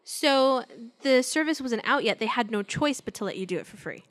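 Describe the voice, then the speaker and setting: A woman's voice: on the high side, animated, brisk. A woman co-hosting a casual gaming podcast, upbeat and easygoing. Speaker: podcast co-host. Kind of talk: casual chat.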